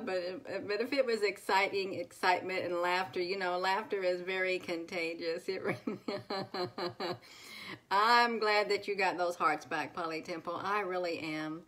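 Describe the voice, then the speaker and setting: A woman's voice: lowish voice, fairly even intonation, a little slow, a bit bright. A woman hosting a casual live stream, greeting viewers one by one by name with many fillers. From United States. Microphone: phone.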